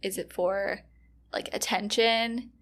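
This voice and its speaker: A woman's voice: medium pitch, steady tone, slow pace, fairly bright tone. A young woman in her twenties co-hosting a podcast, chatting casually and trailing off into fillers. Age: 20s. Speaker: podcast co-host. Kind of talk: casual chat.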